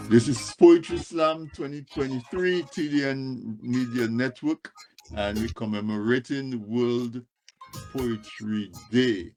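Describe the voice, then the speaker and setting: A man's voice: medium pitch, steady tone, slow pace, darkish tone, faint music behind. A man hosting a radio interview, announcing in a friendly way. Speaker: radio host.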